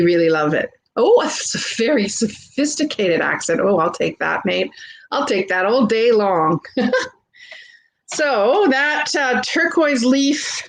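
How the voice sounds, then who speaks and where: A woman's voice: medium pitch, rough recording. Chatty Canadian woman hosting a sale. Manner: chatty and gushing, greets viewers by name. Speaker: host of a live vintage sale. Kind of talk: casual live-stream selling.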